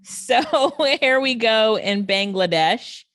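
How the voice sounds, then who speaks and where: A woman's voice: fairly high pitch, expressive, takes it slowly, fairly bright tone. A woman hosting a casual online training, reacting with laughter and enthusiasm. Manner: enthusiastic, laughs often, asks the viewer questions.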